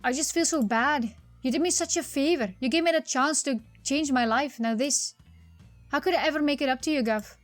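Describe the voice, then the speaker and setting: A woman's voice: high-pitched, a little fast, no echo, faint music behind, voice pushed up, natural voice. A woman voicing a bumbling male police constable with a put-on Cockney accent, melodramatic and weepy, in a text game. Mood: apologetic. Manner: weepy, melodramatic, rhyming slang.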